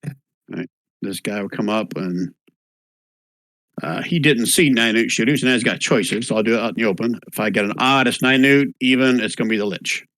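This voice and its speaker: A man running a tabletop game online as dungeon master, relaxed and thinking aloud as he rules. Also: lowish voice, fairly quick, dry recording.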